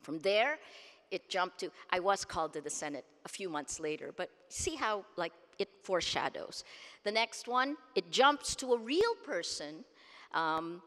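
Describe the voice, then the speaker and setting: A low-pitched woman gives an emphatic keynote speech into a podium microphone. She is from the Philippines and stresses her points by repeating words. Her voice carries a long echo through a big conference hall. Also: sing-song, a little slow, a bit bright. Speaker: keynote speaker. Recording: long reverb of a large hall.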